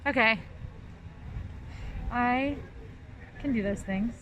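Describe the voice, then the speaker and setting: Bright, high-voiced upbeat woman host. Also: very slow, lo-fi sound, a little hiss or hum. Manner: cheerful, competitive trash talk. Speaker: show host and race competitor. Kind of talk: upbeat vlog chat.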